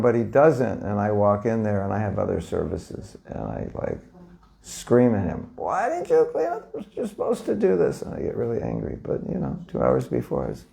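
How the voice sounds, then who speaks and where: A spiritual teacher gives an informal lecture to a live audience, speaking conversationally, often questioning them and acting out little scenes. His voice is mid-range and creaky, with a darkish tone.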